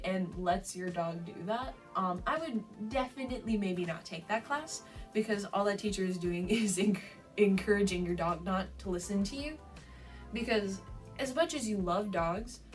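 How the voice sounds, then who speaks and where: A woman's voice: lowish voice, far from the mic, rough recording. A young adult woman giving dog training advice in a casual vlog, chatty, with frequent laughs and fillers.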